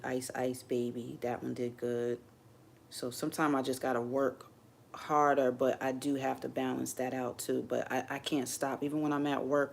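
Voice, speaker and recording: A woman's voice: a bass voice, creaky, a little mellow. A woman hosting a casual livestream, talking candidly and rambling, openly emotional as she speaks to viewers from her home setup. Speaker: livestream host. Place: home streaming setup under bright lights.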